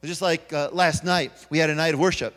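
A male pastor speaks briskly in a fairly high, fairly bright voice with fairly even intonation, sounding like he's in a large hall. Preaching in a church sanctuary, he tells stories and acts out the voices of the people in them.

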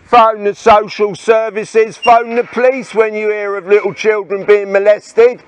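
Street protester, male, very high voice, slow badgering delivery. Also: little pitch movement. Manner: badgering, repeatedly demanding "eh?" in challenge. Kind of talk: confrontational outdoor harangue. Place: outdoors by the sea.

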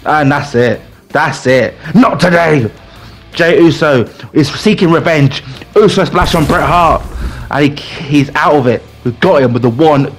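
A man hosting a gaming channel, giving excited let's-play commentary in a mock wrestling-announcer style and breaking into pleading with the game. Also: a little high.

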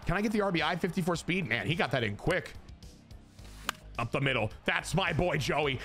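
A young man talks to his chat while playing a baseball video game, his voice sitting a little high and jumping between crude joking rants and bursts of hype. He sounds like a casual streamer, and faint music plays underneath him. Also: lively intonation, a little fast. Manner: crude, self-mocking humor. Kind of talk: casual gameplay commentary to chat.

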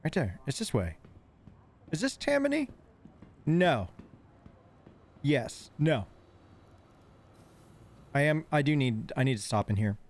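A man live-streams a game with very animated commentary in a mid-range voice, taking it slowly with long pauses. He lisps slightly from missing front teeth after dental work, and on painkillers he rambles, gets easily distracted, and giggles.

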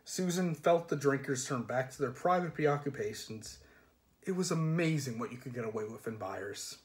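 A man reading a comic fantasy novel aloud in a measured, dry storytelling manner. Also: mid-range voice, animated. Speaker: reader.

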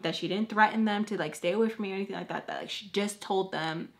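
A young woman in her twenties chats through a storytime vlog as she does her makeup. She talks in an animated, run-on way, packed with "like", and slips into the voices of the people in her story. Her pitch sits in a middle range for a woman. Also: fast. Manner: animated, lots of filler "like", acts out quoted people. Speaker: beauty vlogger. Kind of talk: storytime while doing makeup.

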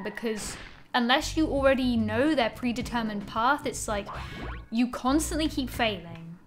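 A woman's voice: on the high side, fairly bright tone. A young woman giving casual gameplay commentary, exasperated, swearing often and talking to herself. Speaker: gaming channel host.

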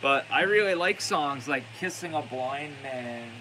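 A man's voice: a little high, lively intonation, measured pace, bright, forceful tone, slight background noise, low-quality recording. A man hosting a vlog in casual chat, rambling and loose with lots of filler words. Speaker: vlog host.

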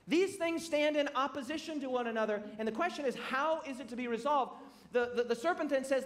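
A man preaching a sermon in a church, emphatic, with bursts of loud emphasis that drop back to quiet asides. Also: lively intonation, fairly quick. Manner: emphatic, rising to loud bursts then dropping low.

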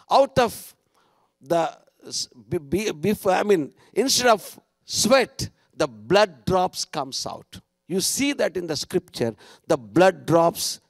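A man preaching a sermon at a conference, rising to loud cries and dropping to hushed asides. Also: high-pitched, no echo, clean studio sound. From India. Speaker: pastor. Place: conference hall.

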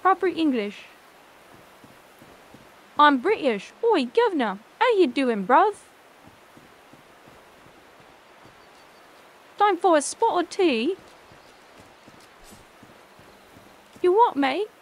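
A woman's voice: high voice, fairly quick, few pauses, rough recording. A woman putting on a jokey, exaggerated mock British accent while playing a game, with playful slang. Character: woman's mock cockney Brit, cheeky and jokey.

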